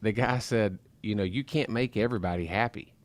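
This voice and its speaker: A man co-hosting a podcast speaks in a fairly low voice. He tells anecdotes in a casual way and sometimes restarts his sentences. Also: a little fast. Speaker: podcast co-host.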